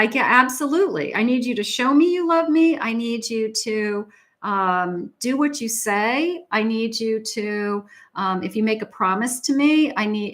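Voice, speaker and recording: A middle-aged woman with a slightly high voice gives a live tarot reading in a chatty, encouraging way. She laughs easily, repeats her phrases and speaks straight to her viewers. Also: fairly bright tone. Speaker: psychic tarot reader. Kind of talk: live tarot reading, casual advice talk.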